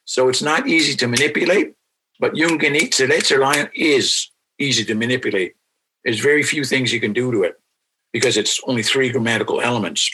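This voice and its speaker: A man who teaches a language, answering interview questions in a patient, explanatory way and repeating example words slowly. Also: medium pitch, sharp tone, a little hiss or hum, rough recording.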